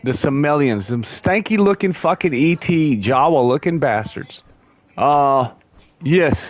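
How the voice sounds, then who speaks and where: Guy streaming a game, slow lazy rambling talk, keeps restarting lines, chuckles. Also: fairly high pitch, expressive, muffled recording. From United States. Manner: slow, drawn-out delivery. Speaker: gaming livestreamer. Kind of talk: casual livestream chatter.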